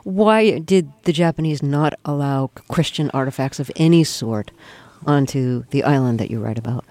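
A man's voice: medium pitch, normal speed, darkish tone, no echo. A man hosting an interview, asking brief, direct questions. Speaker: interviewer host. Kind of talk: radio interview.

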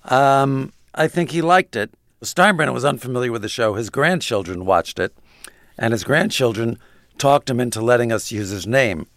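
A man's voice: mid-range voice, expressive, normal speed, fairly bright tone, no room sound, clean studio sound. A man being interviewed, telling anecdotes with chuckles and hesitant fillers. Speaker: guest. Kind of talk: interview storytelling.

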